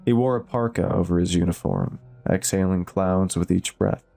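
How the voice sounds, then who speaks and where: Low, dark-voiced male horror narrator. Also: vocal fry. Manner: steady, measured storytelling. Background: faint music.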